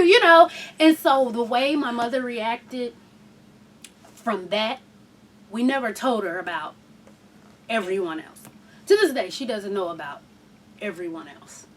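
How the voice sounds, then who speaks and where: A woman hosts a candid chat in a high, wildly swinging voice. She talks bluntly and with profanity, jumping from loud outbursts to hushed asides. She sits a little back from the mic. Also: lively intonation, moderate pace, far from the mic. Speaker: host.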